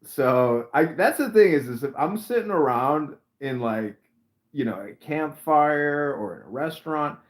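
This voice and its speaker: A man's voice: a little high, expressive, a little slow, rough recording. A young adult man hosting a podcast, chatting casually in a rambling, self-dramatizing and crude way. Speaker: podcast host. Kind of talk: casual chat.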